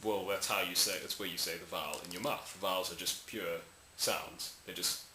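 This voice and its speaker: Casual male tutor, lowish bright voice, rambling, demos sounds; echoey room with faint hiss. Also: steady tone, moderate pace. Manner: rambling, self-correcting, demonstrating sounds aloud. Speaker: language tutorial maker. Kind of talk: casual explainer lesson.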